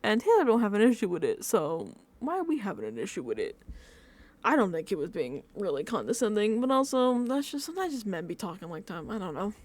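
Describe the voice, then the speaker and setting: A woman's voice: medium pitch, sing-song, a little fast, a little mellow. A woman vlogging casual reaction commentary, rambling and repeating herself with lots of fillers. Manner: chatty, self-deprecating. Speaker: recap vlogger.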